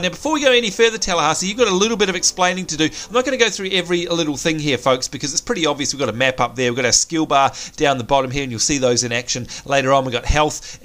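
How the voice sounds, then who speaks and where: A man's voice: a little high, fairly bright tone. A man, hosting a gameplay commentary in an upbeat, chatty way and talking to viewers as folks. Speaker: let's play host.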